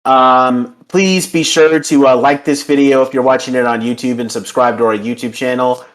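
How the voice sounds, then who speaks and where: A man's voice: mid-range voice, fairly even intonation, normal speed. Man hosting, many ums and uhs. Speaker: podcast host. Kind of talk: casual podcast chat and wrap-up.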